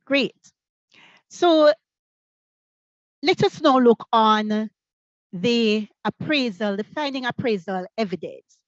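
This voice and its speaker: Lively Jamaican woman leading teacher training. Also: fairly high pitch, slow pace, long pauses, dry recording, highs cut off. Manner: energetic, asks many rhetorical questions. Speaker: workshop facilitator.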